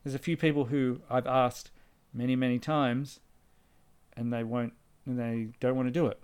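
A man's voice: medium pitch, level tone, normal speed, a little mellow, clear, resonant tone. Chatty man hosting a podcast. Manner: chatty, rambling, with restarts and laughter. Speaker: podcast host. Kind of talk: casual chat.

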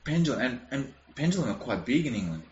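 A young Australian man in casual chat, animated and rambling, swearing freely. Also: mid-range voice, fast. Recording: roomy, dull lo-fi sound with faint noise.

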